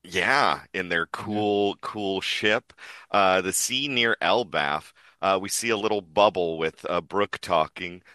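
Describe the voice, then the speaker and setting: A man's voice: slow, no room sound, studio quality. A man chatting casually on a podcast, reading comic pages aloud and slipping into silly voices for the characters. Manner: animated, puts on silly high voices for characters. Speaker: podcast guest.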